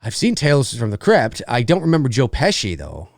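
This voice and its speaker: Man, live stream host, animated, lively pitch, dry close sound. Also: fairly quick, creaky, dry recording. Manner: animated, repeats himself, laughs often.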